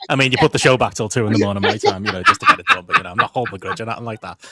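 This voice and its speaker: A man's voice: medium pitch, wildly swooping pitch, racing, crowd noise. A British man in his thirties hosting a podcast, talking in a chatty, self-mocking way and swearing freely. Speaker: podcast host. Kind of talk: casual chat.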